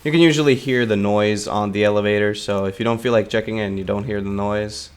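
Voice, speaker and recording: A man's voice: on the low side, fairly even intonation, brisk, clear, resonant tone. A man giving loose, rambling gameplay commentary, swearing casually and joking at his own expense. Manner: self-mocking asides.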